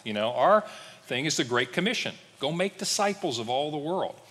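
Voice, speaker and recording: A male pastor preaching a sermon, lively and joking, acting out biblical figures in little voices. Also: mid-range voice, normal speed, long reverb tail. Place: church sanctuary.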